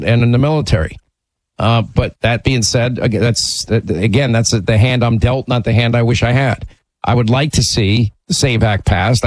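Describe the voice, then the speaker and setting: A man's voice: mid-range voice, dry recording, low-quality recording. A man hosting a political call-in radio show, talking emphatically and often repeating words as he starts a sentence. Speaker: talk radio host.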